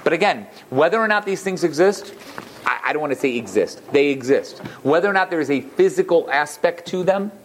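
A man, a rabbi, tells a story in a Torah class, animated, with many restarts and asides. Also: on the high side, a little fast, a little hiss or hum.

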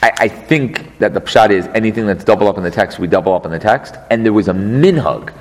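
A man's voice: fairly low pitch, quick pace. A man teaching a text study, explaining and translating verse by verse. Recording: long hall reverb, faint noise.

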